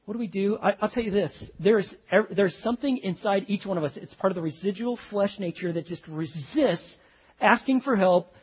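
A man preaching a sermon, telling a story with animated swings from loud exclaims to hushed, tender lines. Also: sits high, normal speed, slightly rough, muffled recording. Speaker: pastor.

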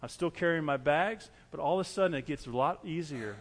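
A man's voice: on the high side, fairly quick, long reverb tail. A man preaching a sermon as pastor, earnest and repetitive, driving his points home with everyday illustrations.

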